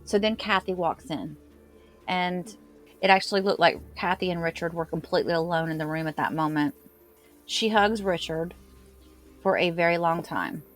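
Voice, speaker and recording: A woman's voice: moderate pace, soft background music. A woman hosting a true crime talk, retelling an interrogation and reading out the quoted lines with extra emphasis. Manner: reads quotes with raised pitch and emphasis. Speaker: true crime channel host.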